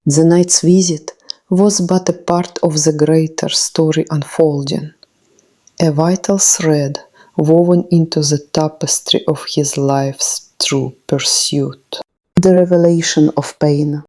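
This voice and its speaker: Brief: woman narrator, mellow and low, unhurried, solemn storytelling. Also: fairly even intonation. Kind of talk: scripted narration.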